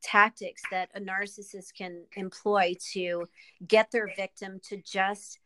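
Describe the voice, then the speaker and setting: A woman guest and author in a candid interview, speaking earnestly and with emotion, often pausing with ums and restarting. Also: mid-range voice, flat delivery, fairly bright tone, slight background noise, low-quality recording.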